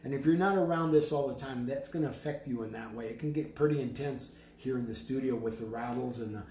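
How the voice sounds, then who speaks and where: A man making drums, talking slowly with prayerful, emphatic declarations and chanted words as he presents his drums in his studio. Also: medium pitch, a little mellow. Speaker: drum maker selling drums on a live stream. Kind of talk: live sales stream with spiritual talk. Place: studio full of drums and rattles. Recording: roomy studio with faint noise.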